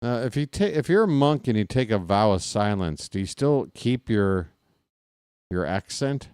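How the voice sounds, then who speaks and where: Deep smooth-voiced man doing rambling baseball commentary. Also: lively intonation, normal speed, darkish tone, no room sound, studio quality. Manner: rambling, jokey, talks to chat viewers. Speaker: play-by-play streamer. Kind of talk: casual baseball commentary with chat.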